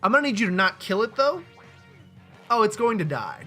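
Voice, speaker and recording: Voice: mid-range voice, sing-song, fairly quick, sharp tone, soft background music. A let's-play host giving casual, rambling, self-mocking commentary while playing a game at a desk mic. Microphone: desk mic with webcam.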